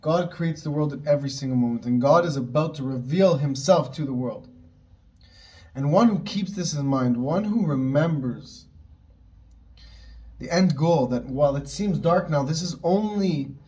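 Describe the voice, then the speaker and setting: Male Torah teacher, slightly high voice, earnest and fervent, frequent restarts. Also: normal speed. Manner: earnest, rising excitement with many restarts. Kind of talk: spoken Torah lesson.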